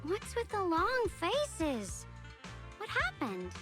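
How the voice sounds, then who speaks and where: A woman's voice: very high voice, wildly swooping pitch, slow, fairly bright tone, heavily acted. An actress voicing a cheerful, teasing young woman in a video game. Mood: breezy. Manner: chirpy, teasing. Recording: game audio with music.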